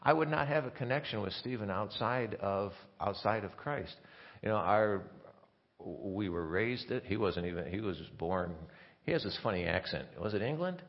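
A man preaching a conversational sermon as pastor, talking in a halting way with many restarts and asides. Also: on the low side, expressive. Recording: dull lo-fi sermon recording.

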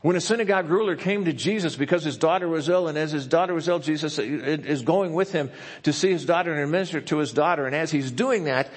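A man with a slightly high voice preaches a sermon in a church. He slows down and drops to a softer tone whenever he reads scripture quotes. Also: slightly rough. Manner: reads scripture quotes slowly and softly, asks if he talks too fast. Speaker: pastor.

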